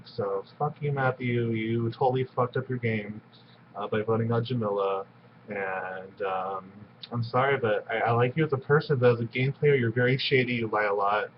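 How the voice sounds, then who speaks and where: A man's voice: mid-range voice, background noise. Blunt man in dull confessional recording. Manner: blunt, dismissive, casual slang. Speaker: contestant in an online game.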